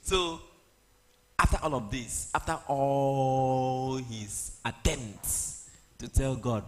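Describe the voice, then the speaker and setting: A man, retelling a Bible story in a humorous, animated sermon with pidgin asides. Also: medium pitch, drawn-out words. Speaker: preacher.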